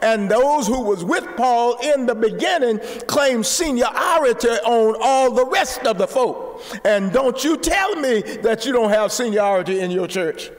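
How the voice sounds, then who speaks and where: A man preaching a sermon, repeating words and rising to shouts. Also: very high-pitched, lively intonation, unhurried, long reverb tail. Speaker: pastor.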